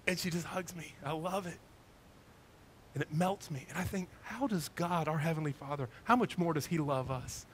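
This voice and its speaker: A man, a pastor preaching a sermon in a church, lively and conversational, telling stories to his congregation. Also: on the high side, moderate pace, a little hiss or hum. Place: church sanctuary.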